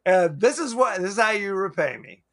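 A man with a high, lively voice co-hosts a casual movie podcast and talks with bright energy. He laughs often and acts out bits of dialogue as he goes. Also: normal speed. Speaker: podcast co-host. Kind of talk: casual movie review chat.

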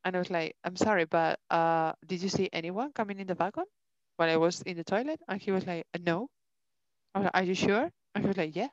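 A woman co-hosting a podcast, telling a story in a casual, animated way, swearing and acting out what people said. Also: fairly low pitch, fast talker, dry recording. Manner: animated, swears a lot, acts out dialogue. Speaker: podcast co-host. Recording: dull lo-fi dry sound.

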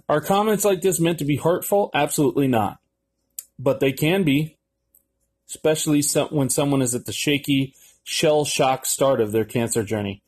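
Mellow, rambling male podcast host. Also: a little high, animated, moderate pace, husky. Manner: rambling and offhand, with frequent fillers and cursing. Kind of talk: casual solo podcast, reading an article aloud.

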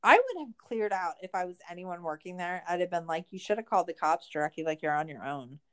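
A woman's voice: on the low side, expressive, fast talker. A woman casually recapping a documentary episode, chatty and saying "like" a lot as she acts out the quotes. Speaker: podcast co-host.

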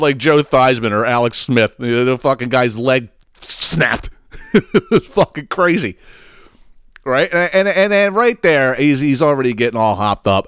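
A man hosting a podcast, telling a long casual story in a rambling, animated way, laughing often and swearing freely. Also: mid-range voice, clear, resonant tone, dry recording, studio quality. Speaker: podcast host.

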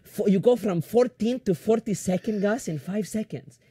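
A man, co-hosting a casual chat and telling animated stories, swearing freely and laughing as he talks. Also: high voice, moderate pace, slightly rough, dry recording. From Brooklyn, New York. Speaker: podcast co-host.

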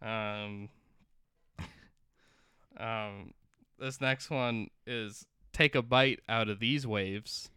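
A man's voice: fairly low pitch, very slow, long pauses, bright, forceful tone, clean tone, dry recording, studio quality. A young man co-hosting a podcast, chatting casually and hesitating with lots of fillers. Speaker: podcast co-host. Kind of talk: casual chat.

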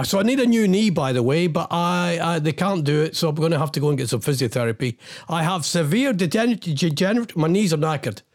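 A man rants on his radio show, agitated and exasperated, veering off into asides. His voice sits high for a man and swings widely up and down as he vents. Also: lively intonation, moderate pace. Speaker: radio host. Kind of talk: rambling on-air monologue. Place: radio studio.

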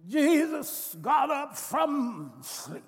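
A pastor preaching with a high voice and unhurried delivery, rising from soft to shouting. His sermon rings through a large church with long reverb. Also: sing-song, creaky. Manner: dramatic, swings from soft to shouting.

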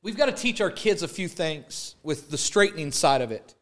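A man's voice: on the high side, lively intonation, moderate pace, fairly bright tone. A man preaching a sermon, building emphatic repeated lines and explaining an object lesson. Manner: preaching with rising emphatic repetition; holds up an arrow as a prop. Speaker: pastor.

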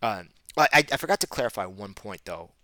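Fast-talking chatty man host. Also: on the low side, dry recording. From Northeastern United States. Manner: quick, chatty, restarts and fillers, animated. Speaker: podcast host. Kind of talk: casual podcast conversation.

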